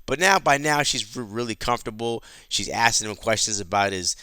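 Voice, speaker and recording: A man hosting a casual comic book recap in a chatty, animated storytelling manner. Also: on the low side, a little fast, smooth, dry recording, clean studio sound.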